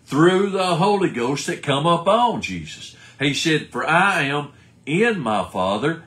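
A man's voice: fairly high pitch, a bit bright. A man preaching a sermon, firing rhetorical questions and answering them himself while quoting scripture.

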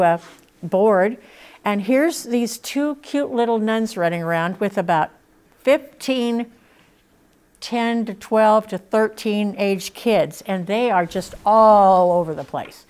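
A woman's voice: medium pitch, slow, a little mellow, clean tone. A woman in her sixties telling her personal testimony in an earnest, emotional way. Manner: earnest, emotional, laughs between lines. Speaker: speaker sharing her testimony.

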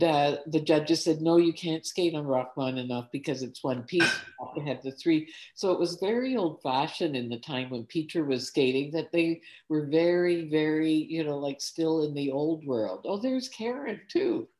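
Low-voiced woman recalling family stories. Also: moderate pace, few pauses, rough recording. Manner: relaxed, rambling with fillers. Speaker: daughter of the coach. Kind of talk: casual storytelling.

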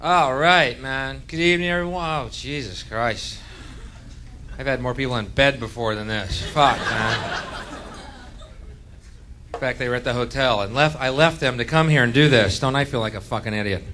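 Profane ranting comedian with a drawl. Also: male voice, mid-range voice, moderate pace, bright, forceful tone, soft background music. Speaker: stand-up comedian. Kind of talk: live stand-up set.

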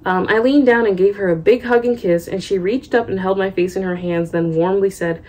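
A young book-reading vlogger with a darkish, mid-range voice reads a memoir at home, moving briskly with hardly any pauses. Between passages she drifts into relaxed, chatty tangents.

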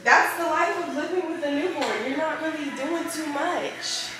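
A woman's voice: sits high, normal speed. Chatty young woman in an echoey room. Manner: chatty, full of "like" and "um" fillers. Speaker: vlogger and mother of a newborn. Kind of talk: casual home vlog with product review. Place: at home, moving between rooms and the car. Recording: echoey room with clear background noise.

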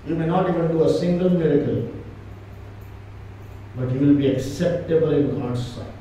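A man's voice: fairly high pitch, normal speed, dark tone, a little hiss or hum. A man preaching a church sermon with emphatic, repetitive delivery. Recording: echoey church hall from far off.

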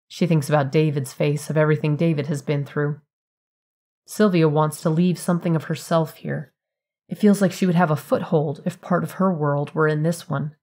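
A woman with a low voice reads a short story aloud. Her delivery is even and measured, a scripted narration with clean pacing.

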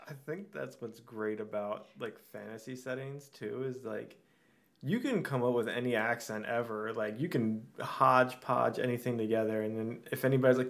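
A man's voice: medium pitch, normal speed, vocal fry. A man guesting on a casual podcast chat, telling anecdotes and acting out the other people's lines as he quotes them. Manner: animated anecdote teller, acts out quotes.

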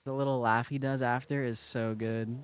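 A man's voice: mid-range voice, little pitch movement, normal speed, clean tone. A young man streaming a game who chats casually with viewers, teasing and joking between plays. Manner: joking, teasing, chatty asides to chat while playing.

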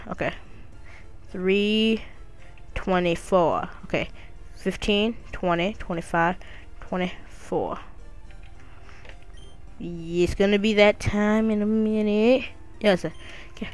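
A woman's voice: mid-range voice, slow, pauses often, a little mellow, dry recording, soft background music. Goofy crude woman gaming. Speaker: gamer. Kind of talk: casual let's play commentary.

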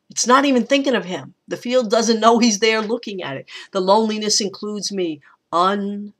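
A woman teacher giving a recorded lecture, talking in a thoughtful, unhurried way with frequent pauses and restarts. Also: medium pitch.

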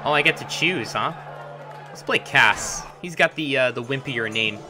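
His pitch is medium and his intonation lively, and he keeps a moderate pace. The man is hosting a let's play while shaking off a chest cold, offering casual, wry, talkative commentary over game music.

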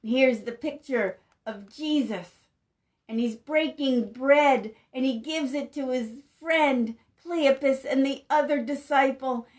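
A woman pastor reads a picture book aloud to young children, her voice bright and high. She takes it unhurriedly, with a gentle, animated lilt, pausing to ask the little ones questions. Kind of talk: children's story time reading.

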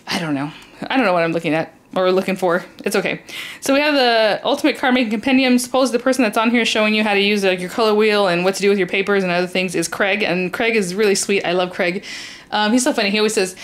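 A woman's voice: mid-range voice, fast. Chatty woman rambling through an unboxing. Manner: chatty, rambling, enthusiastic with fillers. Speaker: crafting YouTuber. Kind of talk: casual unboxing chat.

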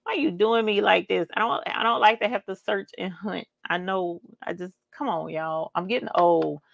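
A woman's voice: medium pitch, moderate pace, creaky, no echo, dull audio. A woman, chatting playfully as a craft livestream host. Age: 40s. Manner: playful, chatty, exclaims "yas, honey". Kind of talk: casual livestream giveaway chat.

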